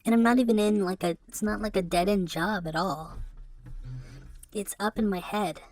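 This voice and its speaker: A woman hosting a podcast into a microphone, talking in a halting, rambling confessional monologue that is broken by rueful laughs and sounds depressed. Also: medium pitch, steady tone, a little mellow. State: depressed and subdued. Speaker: podcast host.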